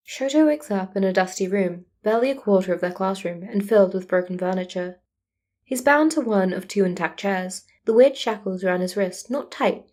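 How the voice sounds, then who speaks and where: A woman's voice: mid-range voice, a little mellow. A woman reading a fan fiction story aloud as narrator. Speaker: podfic reader.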